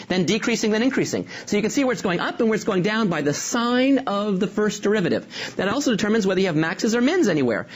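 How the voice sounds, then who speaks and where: Brief: upbeat math teacher racing through a review, breathy edge. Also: medium pitch. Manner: enthusiastic, upbeat explaining. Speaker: calculus teacher. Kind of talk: rapid course review lecture.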